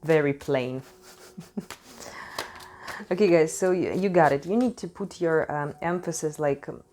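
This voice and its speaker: A woman's voice: deep voice, normal speed, dark tone. A woman who is not a native English speaker gives a casual tarot reading at home into a desk microphone, talking frankly, swearing freely and laughing often. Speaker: tarot reader. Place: home in Switzerland.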